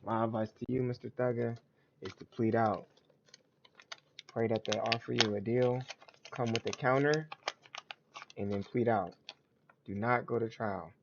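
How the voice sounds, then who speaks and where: A man's voice: mid-range voice, moderate pace, vocal fry, pauses often, muffled recording, slight background noise. A man hosting a casual livestream, talking to his chat in blunt, slangy, repetitive commentary. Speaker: livestream host.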